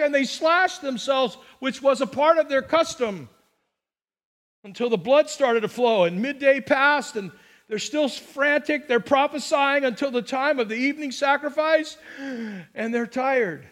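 A man's voice: very high-pitched, measured pace, in a large hall. A man preaching a sermon as pastor, telling the story with jokes and acted-out quotes. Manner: animated storytelling, jokey asides and acted-out quotes.

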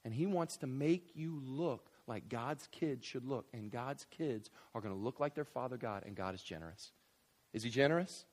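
A man in his thirties, a pastor preaching a sermon in an animated, conversational way, with asides and fillers. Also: moderate pace. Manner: animated preaching with big swings in loudness and pitch. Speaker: visiting pastor.

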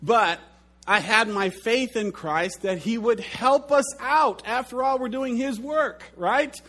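A middle-aged pastor preaching a sermon, telling stories with lively swings in his delivery. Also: extremely high pitch, slow. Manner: animated storytelling, acts out his own shouted outburst.

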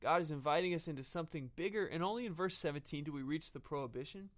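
A man preaching a sermon earnestly, often pausing with fillers and restarting his phrases. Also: fairly high pitch.

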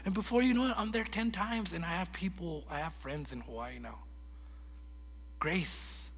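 A man preaching a sermon in a lively storytelling way, acting out conversations as he goes. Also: high voice, moderate pace, husky, long reverb tail. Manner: animated storytelling, acts out dialogue. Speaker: guest preacher.

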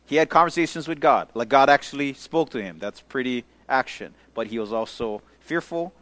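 A pastor giving a casual Bible-study sermon, talking conversationally with slang and often checking in with his listeners, sometimes dropping to a hushed near-whisper. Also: medium pitch, moderate pace.

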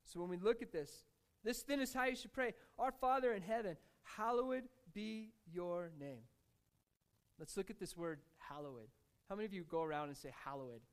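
A man's voice: high voice, fast talker, clear, resonant tone. A male pastor giving a conversational sermon to a live congregation, talking casually and now and then joking with the crowd and asking it to respond. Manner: casual, conversational preaching with fillers; jokes with and engages the congregation. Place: church in front of a congregation.

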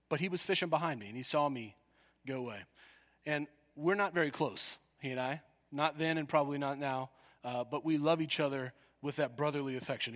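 A man preaching a sermon, telling a story with sudden loud cries. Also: medium pitch, long reverb tail.

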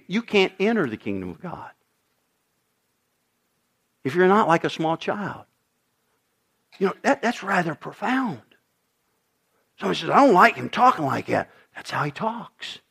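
An older man preaching a sermon to his congregation, emphatic and repetitive, often asking his listeners questions. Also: high voice. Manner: emphatic, repeats phrases, asks the congregation questions. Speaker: pastor.

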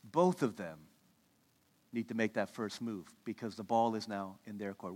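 A man in his thirties preaching a sermon as pastor, conversational and animated, putting questions to the congregation. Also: on the low side, moderate pace. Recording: long reverb of a large hall.

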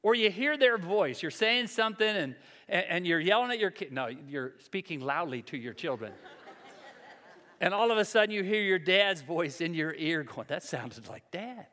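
A man in his sixties with a high voice gives a sermon, slipping easily into stories told against himself. His voice rings out with the long reverb of a large church hall. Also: animated, normal speed, bright, forceful tone. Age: 60s. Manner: conversational, self-deprecating storytelling. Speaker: pastor.

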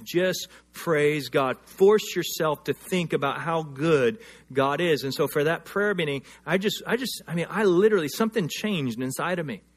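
A man preaching a sermon, swinging from loud emphatic lines to quiet, hushed ones, and telling personal stories. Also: high voice. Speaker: pastor.

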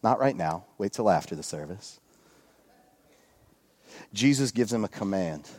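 A male pastor preaching a sermon at a church service, retelling a scripture story in a relaxed, joking way with lots of asides. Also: on the low side, a little slow, pauses often. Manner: casual storytelling with jokes and asides.

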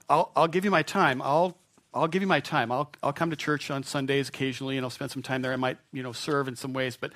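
A man's voice: medium pitch, fairly bright tone. A male pastor preaching a sermon in a church, conversational and playful, acting out the voices of doubters. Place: church sanctuary.

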